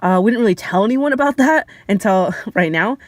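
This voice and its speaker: A young woman vlogger telling childhood stories in a chatty, lively way, with laughs and fillers. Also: medium pitch, brisk, no echo. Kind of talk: casual storytelling.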